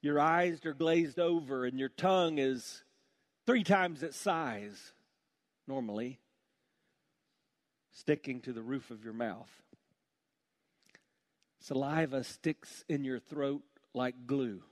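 A man preaching a sermon with passion, dropping to a hushed voice on heavy points. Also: medium pitch, slow, long pauses. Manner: impassioned, drops to a hush on heavy points. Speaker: pastor.

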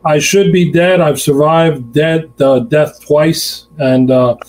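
A man's voice: a little high, fairly even intonation, takes it slowly, darkish tone, a little hiss or hum, poor audio. A man hosting his own show in casual chat, affectionate and telling stories. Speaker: radio show host.

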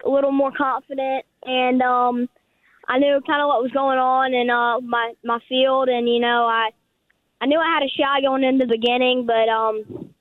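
A man's voice: very high voice, no room sound. A nine-year-old boy with a South Carolina accent, answering a radio host's questions politely and a little hesitantly, with many fillers. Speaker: guest golfer. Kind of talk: phone-in radio interview. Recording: tinny dry phone line.

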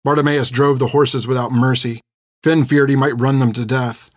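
A man narrates a story in a steady, measured voice at an ordinary middle pitch. He is recorded on a close studio mic. The sound is dry, with no room around it. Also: no room sound. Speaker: audiobook narrator. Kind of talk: scripted narration.

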